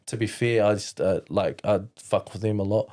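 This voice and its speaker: Rambling young Kiwi man, mellow voice. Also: on the low side, normal speed. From New Zealand. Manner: rambling, heavy use of "like" and "you know". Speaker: podcast guest. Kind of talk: casual chat.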